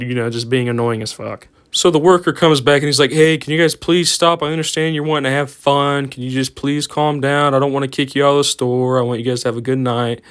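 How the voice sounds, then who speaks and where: A man's voice: mid-range voice, a bit bright. A young adult man telling a storytime anecdote in a casual, rambling way, swearing freely. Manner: loose, profane, rambling.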